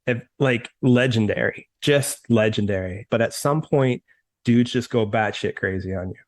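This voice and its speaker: A man's voice: mid-range voice, normal speed. A man hosting a podcast, reacting in casual chat and swearing freely. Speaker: podcast host.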